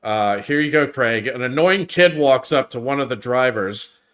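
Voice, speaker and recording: A man's voice: mid-range voice, expressive, moderate pace, a bit bright. A man co-hosting a casual review chat, recapping a movie plot in a rambling way with plenty of fillers. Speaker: podcast co-host recapping the film.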